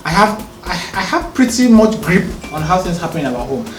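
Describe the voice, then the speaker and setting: A man, a podcast co-host talking calmly and earnestly, often checking whether he is understood. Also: high-pitched, moderate pace. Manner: calm, earnest, explaining with rhetorical checks. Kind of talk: casual conversation. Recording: roomy, distant mic, faint music.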